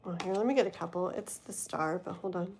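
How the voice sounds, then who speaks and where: A woman's voice: lowish voice, a little fast, creaky, darkish tone, slight background noise. Woman, live tarot reader; casual, rambling delivery heavy on fillers, chatting straight to her viewers. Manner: chatty, addresses viewers directly. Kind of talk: live-stream tarot reading.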